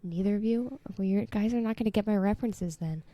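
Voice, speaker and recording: A chatty woman podcaster sprinkles "like" and "um" through a casual retelling and giggles often. She speaks at a middle pitch into a close mic, with a dry sound and no room around it. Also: quick pace, dark tone, no room sound. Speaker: podcast co-host. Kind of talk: casual chat, retelling a story.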